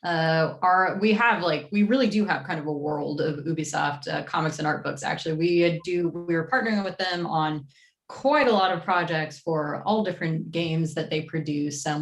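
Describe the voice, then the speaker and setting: A woman in a livestream chat, talking about new releases in a loose, chatty way with plenty of ums and uhs. Her voice sits a little low for a woman. The room around her rings with echo. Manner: chatty, many fillers. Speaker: comics publisher staff host. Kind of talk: casual livestream rundown.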